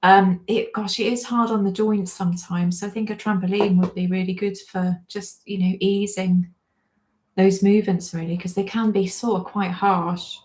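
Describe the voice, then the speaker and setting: A chatty woman in her forties hosts a relaxed livestream, answering comments in a friendly, self-deprecating way. She keeps dissolving into giggles between her words. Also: mid-range voice, moderate pace. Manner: giggly, keeps breaking into laughter. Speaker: livestream host. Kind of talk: casual livestream chat reading comments.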